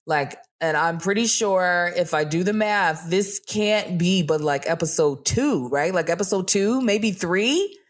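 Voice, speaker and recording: A woman's voice: on the low side, lively intonation, a little slow. Chatty, swearing woman podcast co-host. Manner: chatty, swears freely, slips into mocking impressions. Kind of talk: casual chat recapping a TV show.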